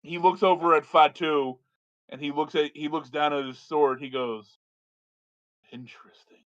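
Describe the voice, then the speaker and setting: A man's voice: fairly high pitch, fairly even intonation, normal speed, a bit bright, lo-fi sound. A man running a tabletop game as game master, narrating in a restless way full of restarts.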